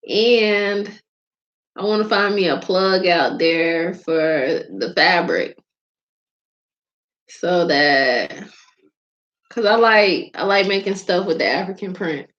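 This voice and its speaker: A woman's voice: fairly low pitch, dull audio. A woman from Georgia with a Southern accent, hosting her show in rambling casual chat and laughing often. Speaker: host.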